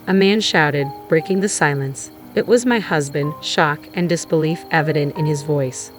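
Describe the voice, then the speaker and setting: Woman, low voice, measured grave narration, music underneath. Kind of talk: scripted first-person drama narration.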